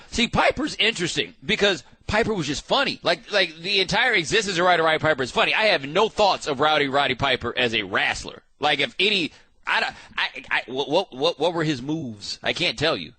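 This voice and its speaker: A man hosting a sports talk show, riffing in a casual, animated way with frequent restarts. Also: fairly high pitch, dry recording.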